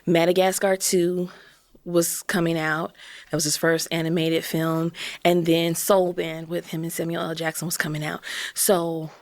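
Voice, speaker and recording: A woman's voice: fairly low pitch, level tone, moderate pace, no echo. A woman from Chicago, a podcast guest telling her story with emotion and acting out quotes. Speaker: interview guest. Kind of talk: candid podcast conversation.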